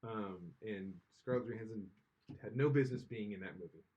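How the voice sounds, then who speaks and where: A man's voice: fairly low pitch, a little fast, a little mellow, highs cut off. Opinionated man rambling on a podcast. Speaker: podcast co-host. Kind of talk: casual podcast chat.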